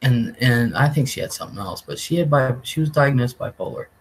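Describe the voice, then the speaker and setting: A man's voice: medium pitch, lively intonation, fairly quick, slightly rough, rough recording. A man hosting a live stream, telling a rambling story casually, often laughing and swearing. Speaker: livestream host.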